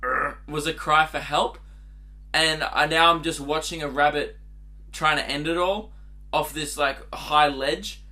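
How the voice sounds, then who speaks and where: A young man talks alone into his podcast mic, rambling and giggling through crude stories. His voice sits a little high for a man and rings bright and forceful. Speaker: podcast host. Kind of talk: casual solo podcast monologue.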